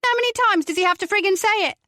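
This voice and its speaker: A woman's voice: extremely high pitch, brisk, a bit bright, no room sound, studio quality, pitched above the performer's own voice. A woman voicing a whining, foul-mouthed middle-aged mother who snaps at the police. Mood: snapping.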